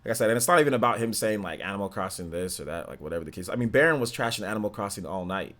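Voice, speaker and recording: A man with a deep voice, hosting a gaming livestream in a laid-back, slangy, rambling way. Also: animated, rapid-fire, fairly bright tone. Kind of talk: casual livestream chat.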